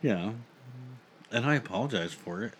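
A man in his thirties co-hosts a relaxed podcast, laughing often as he chats. His low voice swings widely in pitch, and his pace is unhurried. A faint hiss sits behind him. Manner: laughs often, playful and animated. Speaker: podcast co-host. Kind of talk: casual chat.

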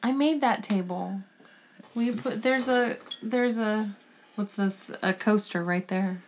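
Woman, playful and easily distracted, chiming in during casual chat, mid-pitched voice. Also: takes it slowly, a little hiss or hum.

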